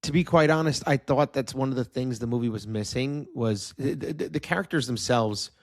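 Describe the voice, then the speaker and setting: A man's voice: medium pitch, normal speed, no echo, clean studio sound. A man co-hosting a film podcast, giving his opinions in a candid, offhand way and swearing casually. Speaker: podcast co-host. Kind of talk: casual film review chat.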